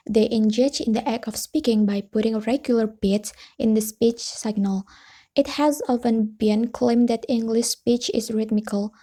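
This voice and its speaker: A woman's voice: a little high, dark tone. A young woman with an Indonesian accent giving a class presentation, reading steadily with hesitant fillers. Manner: reads steadily, switches between English and Indonesian, hesitant fillers. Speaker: student presenter.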